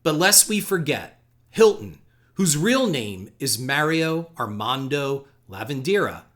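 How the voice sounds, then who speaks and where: A man's voice: medium pitch, very animated, unhurried, fairly bright tone. A man hosting a podcast, reading out insulting quotes with sardonic emphasis and commentary. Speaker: podcast host.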